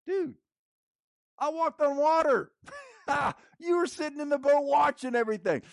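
A preacher putting on a cocky, high-pitched bragging fisherman. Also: measured pace, vocal fry, dry recording, studio quality, exaggerated voice. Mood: boastful. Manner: boastful, laughing, slangy. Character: Peter, a cocky young fisherman bragging to his friends.

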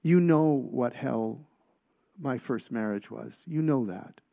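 Man, middle-aged, gravelly, sermon testimony, halting restarts, storytelling. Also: medium pitch, warm tone, muffled recording. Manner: storytelling, halting restarts, rises in volume at punchlines. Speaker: preacher.

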